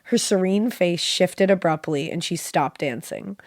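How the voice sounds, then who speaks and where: A woman's voice: fairly low pitch, a little slow, no room sound, clean studio sound. Sick-voiced woman reading a spooky story. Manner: animated storyteller with joking asides. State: sick, voice a little off. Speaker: podcast co-host. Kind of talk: reading a listener story aloud.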